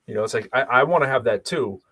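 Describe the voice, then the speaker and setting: A man from Boston with a light Boston accent, co-hosting a podcast in casual chat, telling rambling, animated stories full of restarts. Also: mid-range voice, fast talker, dry recording. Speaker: podcast co-host.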